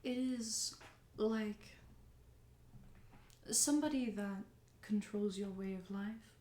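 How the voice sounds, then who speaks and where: A woman voicing a quiet, floating male artificial assistant in a tabletop game, speaking softly and flatly. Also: medium pitch, slow, reverberant, natural voice. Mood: calm. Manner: soft, flat, businesslike.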